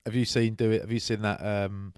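Man, low-voiced rapid storyteller, close dry mic. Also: clear, resonant tone, dry recording. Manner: rapid, animated storytelling with put-on quotes. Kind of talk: casual banter.

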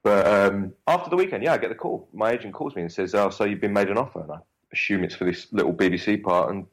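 A man's voice: fairly low pitch, animated, quick pace, low-quality recording. A young man with a Cockney accent, an actor chatting as an interview guest, rambling and swearing freely. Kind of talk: casual interview chat.

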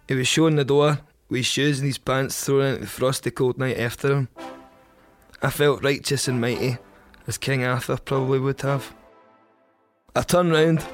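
A Scottish man narrating a first-person story for a podcast in a wry, profane, vivid way. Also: mid-range voice. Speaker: podcast host.

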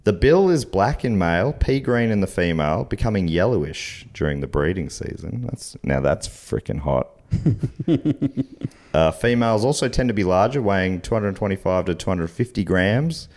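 A man's voice: sits low, a little mellow. An Australian man hosting a comedy quiz podcast, reading out questions and facts and riffing playfully between them. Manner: playful, reads facts aloud then riffs and laughs. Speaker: game show host.

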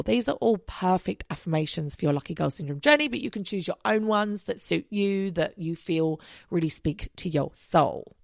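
Speaking at a moderate pace in a lowish, animated voice with gravelly vocal fry, a thirtysomething woman delivers a casual solo podcast monologue. She's upbeat, curses now and then, and drifts into tangents. Sound is dry, studio grade.

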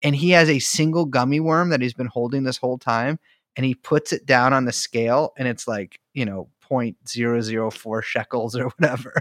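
A man's voice: mid-range voice, steady tone, normal speed, fairly bright tone, no room sound, studio quality. A man co-hosting a podcast, telling rambling, joking stories in casual chat. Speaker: podcast co-host. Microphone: studio mic with headphones.

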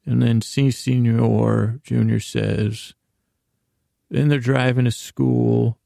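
A man's voice: mid-range voice, steady tone, takes it slowly, warm tone, dry recording, studio quality. A man rambling through a casual recap of a show he watched, often correcting himself and reading from his notes. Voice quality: gravelly. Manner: meandering, self-correcting, reads his notes aloud. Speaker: podcast host recapping a show.

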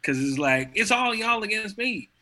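Very bright-voiced man, slangy and loose. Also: high voice, very animated, normal speed. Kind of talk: casual chat.

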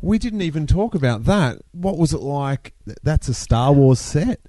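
A man's voice: on the high side, lively intonation, normal speed, background noise. A man hosting a casual interview, asking conversational follow-up questions. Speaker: interviewer, podcast host.

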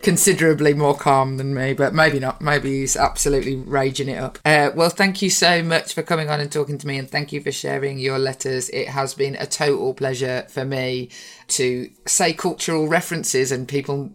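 A woman's voice: a bass voice, fairly even intonation, normal speed. A woman with a Birmingham accent hosting a podcast interview, chatty and often laughing as she talks. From Birmingham, England. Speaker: podcast host. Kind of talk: casual interview chat.

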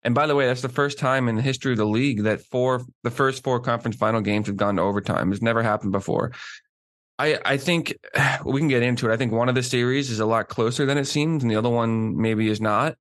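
A man's voice: mid-range voice, steady tone, quick pace, no echo, studio quality. A man co-hosting a sports podcast, replying in an easygoing, teasing way. His voice sits in a middle register, and he keeps the exchange light and conversational. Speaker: podcast co-host. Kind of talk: casual sports podcast chat.

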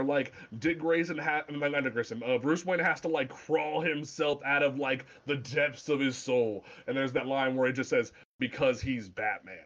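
A man's voice: on the high side, fairly bright tone, muffled recording. A man casually chatting as a podcast co-host, rambling and exasperated, swearing freely. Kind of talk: casual chat.

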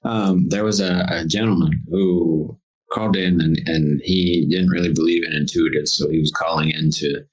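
A man on a podcast telling a story and giving earnest spiritual advice, slowing down on key words. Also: sits low, steady tone, husky, low-quality recording. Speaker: podcast guest, intuitive.

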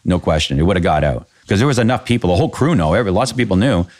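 A man with a fairly low voice, a pyro designer talking as a guest. He tells his story bluntly and with energy and swears freely, and he acts out both sides of the arguments. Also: lively intonation, rapid-fire, a little mellow. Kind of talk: casual storytelling interview.

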